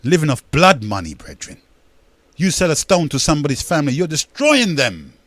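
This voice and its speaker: A man's voice: on the high side, very animated, fairly quick, a bit bright, dry recording. An older man, hosting a radio talk show in a rambling, emphatic monologue that repeats words and addresses listeners as brethren.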